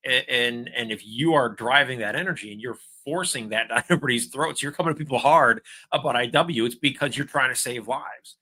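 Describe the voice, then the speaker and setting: Male podcast host, very bright voice, eager, stumbles over words. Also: medium pitch. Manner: enthusiastic, halting with many restarts. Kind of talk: podcast interview.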